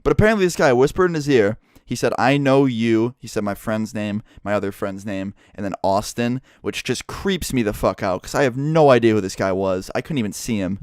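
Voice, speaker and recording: Young man, storytime vlog, smooth clear voice, dry close sound, lively and profane. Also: on the low side, brisk, few pauses, no echo. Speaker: YouTuber.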